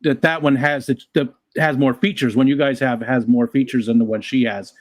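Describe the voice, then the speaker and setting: A man's voice: mid-range voice, steady tone, a little fast, no echo. A man chatting casually on a livestream, rambling and repeating words as he talks.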